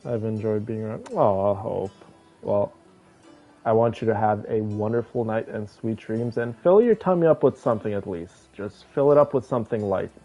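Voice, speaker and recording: A man streaming a game, chatting casually and rambling to his viewers in a relaxed way. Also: on the low side, normal speed, lo-fi sound, faint music behind. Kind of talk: casual chat with viewers while gaming.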